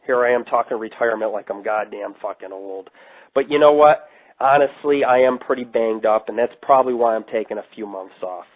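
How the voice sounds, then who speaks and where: A man from New York, a paranormal investigator hosting a radio show, ranting brashly and swearing in a casual monologue. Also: medium pitch. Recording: tinny phone-like radio line.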